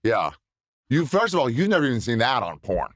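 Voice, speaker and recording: A man who is a comedian, a guest on a podcast, telling a rambling, halting story in casual chat. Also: medium pitch, wildly swooping pitch, a bit bright, no echo, clean studio sound.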